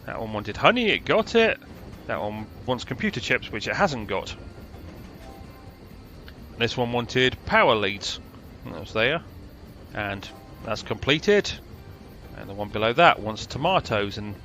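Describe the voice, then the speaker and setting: Dry sarcastic British man, bright voice. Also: medium pitch. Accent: British English. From Britain. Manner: dry, sarcastic, rambling asides. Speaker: gameplay commentator. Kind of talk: casual gameplay commentary.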